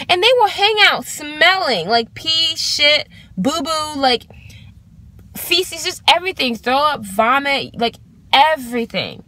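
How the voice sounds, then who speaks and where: A woman in her twenties telling an exasperated storytime rant to her vlog, swearing freely and talking in an animated way. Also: high voice, slow. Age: 20s. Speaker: vlogger.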